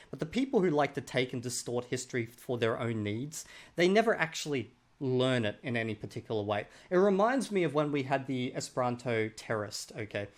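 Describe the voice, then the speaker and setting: A man hosting a reaction video, commenting sarcastically and mockingly on a clip he reviews. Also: medium pitch.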